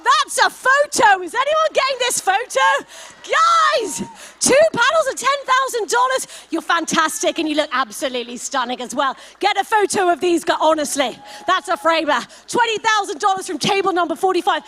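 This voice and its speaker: A woman's voice: very high voice, pushed and bright. A woman leading a live fundraising paddle raise at a gala, calling out donation amounts and heaping effusive praise on each donor. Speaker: fundraising auctioneer. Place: gala event hall.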